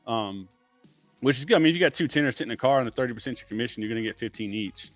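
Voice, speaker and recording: This window tinter, guesting on a relaxed livestream, rambles along with plenty of "like" and "man." His medium-pitched voice is animated and rapid-fire, with no room sound and soft background music.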